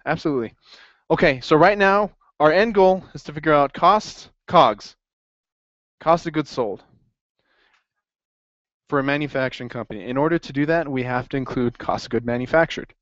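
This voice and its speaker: A man teaching an accounting class in a lively classroom lecture, quizzing students as he goes. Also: fairly high pitch, dry recording. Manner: upbeat, asks the class questions. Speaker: accounting instructor. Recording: dry, dull lo-fi classroom recording.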